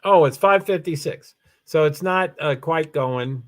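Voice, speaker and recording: A man's voice: a little high, unhurried, fairly bright tone. A tired man hosting a casual livestream, rambling with many fillers as he reads out names and chats to viewers. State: tired, yawning. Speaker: livestream host.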